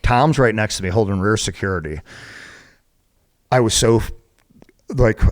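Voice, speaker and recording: A retired Marine guest telling profane, animated war stories in casual chat, full of "like" and "right?". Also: male voice, fairly low pitch, a little slow. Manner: profane, animated storytelling with lots of fillers. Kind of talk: casual storytelling.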